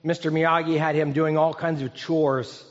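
A man in his fifties preaches with an earnest, conversational manner, turning to his listeners with questions. His voice sits a little high for a man. The sound is muffled and rings with a long hall echo. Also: little pitch movement, normal speed. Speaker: pastor. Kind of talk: sermon. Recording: echoey hall, dull sound.

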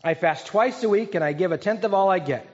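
A man voicing a self-righteous man praying for show, his voice pushed up high and loud. He is boastful and preening, with every line made for others to hear. The recording is dull and carries a long hall echo. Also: brisk, close to an everyday voice. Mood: smug boasting.

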